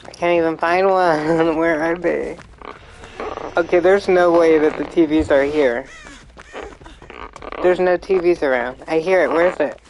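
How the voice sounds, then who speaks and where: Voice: mid-range voice, steady tone, a little slow, long pauses, a little mellow, a little hiss or hum, rough recording. A live streamer chatting casually and rambling through gameplay commentary, sometimes swearing when frustrated.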